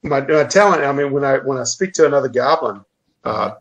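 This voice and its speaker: A man's voice: mid-range voice, lively intonation, fairly quick, a bit bright, highs cut off. A man playing a tabletop game, describing his moves with stammering restarts. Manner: stammering restarts, laughing easily. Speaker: player. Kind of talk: casual tabletop play.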